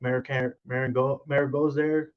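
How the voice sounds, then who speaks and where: A man's voice: mid-range voice, slow. Man telling his story, lo-fi sound. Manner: animated retelling with quoted dialogue. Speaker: podcast guest. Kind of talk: storytelling in casual conversation. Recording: dull, lo-fi sound.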